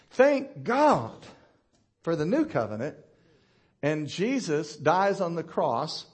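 A middle-aged man preaches in a high, bright-pitched voice. He moves through his sermon with animated emphasis, stopping to ask his listeners questions. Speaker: pastor.

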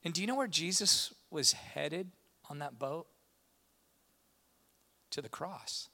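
A man's voice: on the high side, slow pace, gravelly. A man preaching a sermon with impassioned delivery. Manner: impassioned, rising to animated retellings. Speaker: pastor.

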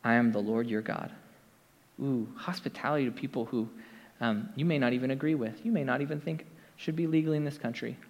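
Casual preacher in an echoey hall. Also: male voice, mid-range voice, brisk, lo-fi sound. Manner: conversational, many fillers and asides to the congregation. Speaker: pastor. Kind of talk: casual sermon. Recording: long hall reverb.

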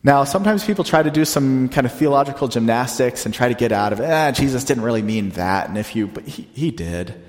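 A man's voice: mid-range voice, expressive. Male pastor preaching in a reverberant hall. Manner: conversational preaching, slows down to stress quotes. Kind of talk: sermon.

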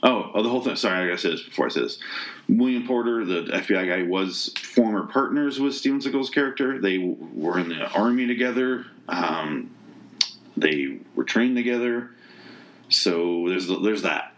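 A man's voice: lowish voice, animated, moderate pace, a bit bright. Sarcastic, exasperated man ranting. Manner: exasperated, sarcastic, swears often, rambling restarts. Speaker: movie reviewer. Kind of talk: casual spoken rant.

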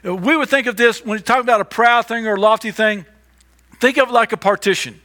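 Bright, high-voiced male preacher. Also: fast. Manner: emphatic, repetitive, stammers on restarts. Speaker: pastor. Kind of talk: sermon.

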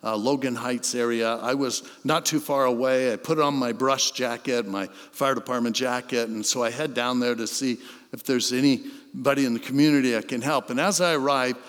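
A man preaching a sermon as a pastor, telling stories and swelling in intensity before dropping to a soft, earnest tone. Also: medium pitch, fairly even intonation, normal speed, long reverb tail. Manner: storytelling, swells then drops to soft intensity.

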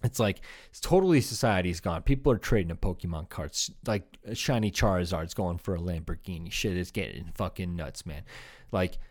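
A man's voice: sits low, normal speed. Rambling, profane man riffing on hypotheticals. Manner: slips in quoted voices of made-up people. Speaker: podcast host. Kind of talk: solo comedy podcast rant.

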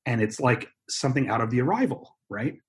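A man's voice: medium pitch, expressive, fairly quick. Rambling American man in casual chat. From United States. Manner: rambling, self-interrupting, joking. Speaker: podcast co-host.

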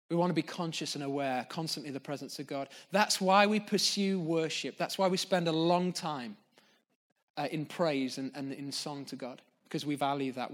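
A man preaching a sermon as pastor of a church, speaking earnestly and off the cuff, reflective between points. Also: on the high side. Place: church gathering.

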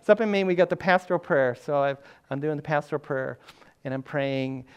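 An older man, a pastor, giving a sermon in a relaxed, conversational storytelling way with self-deprecating humor. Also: on the high side, brisk, clear, resonant tone.

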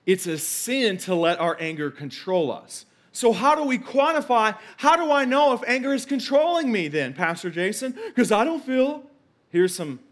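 Man, pastor, sermon, high-pitched voice, conversational, emphatic repetition.

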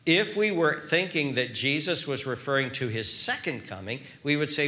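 Emphatic older male preacher, bright voice. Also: expressive, normal speed. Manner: emphatic, rising to a near shout on questions, then dropping low. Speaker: pastor. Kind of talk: sermon.

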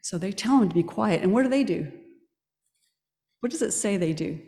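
A woman delivers a sermon at an ordinary pitch, telling the story with energy and throwing questions out to the congregation. Her voice rings through a large church hall with a long, echoing tail. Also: moderate pace. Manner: lively storytelling, quizzing the congregation. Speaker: preacher.

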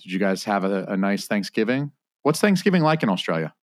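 An American man hosting a podcast, joking with his guests in a teasing, deadpan way. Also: lowish voice, a little fast, no echo, studio quality. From United States. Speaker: podcast host. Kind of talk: casual podcast banter.

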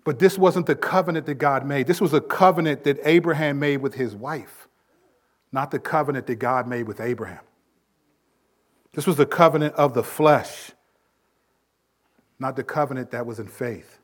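At a normal speed broken by long pauses, a pastor gives a sermon. Emphasis comes through sudden rises in loudness, and he goes quiet and low to make a point.

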